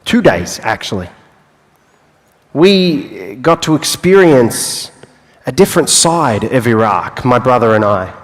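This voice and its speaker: Male speaker, young adult, motivational talk, unhurried pauses, reverberant hall. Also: medium pitch, sing-song. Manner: dramatic storytelling with long pauses and playful asides. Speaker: speaker telling his life story. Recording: live hall with long reverb.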